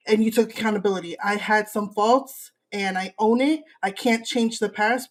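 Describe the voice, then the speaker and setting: Encouraging woman podcast host. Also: medium pitch. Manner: affirming, encouraging. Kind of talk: supportive podcast interview.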